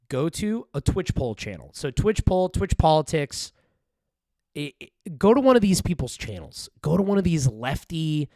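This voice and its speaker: Rambling profane streamer with a lively voice. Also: male voice, fairly high pitch, no room sound, studio quality. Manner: rambling, profane, jumps between topics. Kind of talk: casual livestream commentary.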